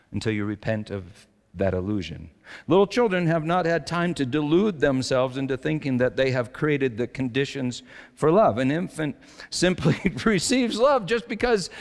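A male pastor preaching a reflective sermon, slowing down to stress his key lines. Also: medium pitch. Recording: long hall reverb.

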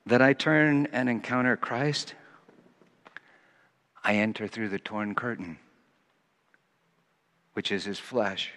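A man preaching a sermon, swinging from quiet musing to loud, emphatic scripture reading. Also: medium pitch, takes it slowly, long pauses. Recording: long hall reverb.

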